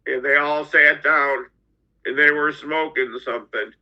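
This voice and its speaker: A middle-aged man telling his own story as a podcast guest, halting and often repeating his words. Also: fairly high pitch, steady tone, sharp tone. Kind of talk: personal storytelling. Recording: dull lo-fi audio.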